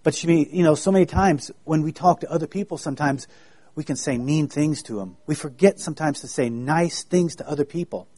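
A man giving a children's sermon, in a gentle, folksy way that keeps asking the children questions. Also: on the high side, brisk.

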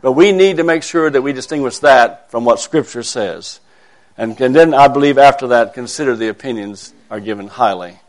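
A man, a minister, talking earnestly and in a measured way to his church congregation, with emphatic rises now and then. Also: medium pitch. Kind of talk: conversational sermon talk. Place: church service.

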